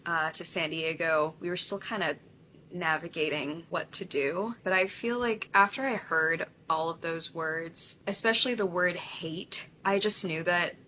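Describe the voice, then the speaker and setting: A woman speaks candidly into the camera about a painful personal experience. Her voice is bright, and she often laughs lightly. A faint ambient noise sits behind her. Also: fairly low pitch, unhurried. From India. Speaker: content creator.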